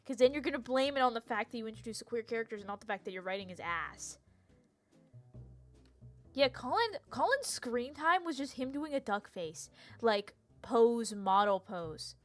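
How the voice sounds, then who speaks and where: In a fairly high, sing-song voice with a bit of brightness, the streamer talks a little slowly while soft music plays. She's a young woman casually chatting and ranting with animation about TV shows on a live stream, laughing and tripping over her words.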